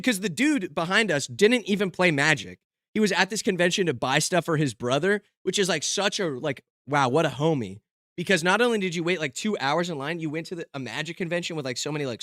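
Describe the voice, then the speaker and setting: A man's voice: a little high, expressive, brisk, a bit bright, no echo. Young male streamer, self-mocking rambler, close and dry sound. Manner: rambling, lots of fillers and restarts. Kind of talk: casual stream chat.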